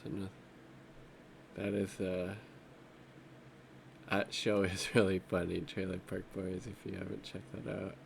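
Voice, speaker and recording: A man's voice: low voice, little pitch movement, measured pace, vocal fry, pauses often, a little hiss or hum. A man giving casual off-the-cuff political commentary while browsing social media, rambling and profane, with an exasperated edge.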